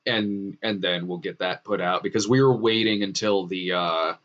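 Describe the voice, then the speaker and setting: A man's voice: low-pitched, normal speed, fairly bright tone, highs cut off. A man hosting a casual live-stream chat over a video call, rambling with many restarts. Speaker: host.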